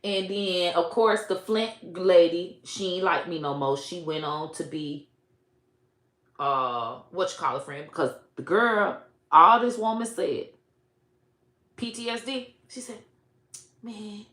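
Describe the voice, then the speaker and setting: A woman's voice: lowish voice, measured pace, fairly bright tone, echoey room. A woman comedian telling a profane, comic story and laughing between her lines.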